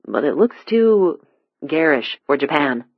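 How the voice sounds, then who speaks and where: An audiobook reader voicing Alex, a quietly insistent American man, slightly lower and softer than the narration, in a dull, dry recording. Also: sing-song, measured pace, dry recording. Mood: curious. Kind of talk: audiobook dialogue.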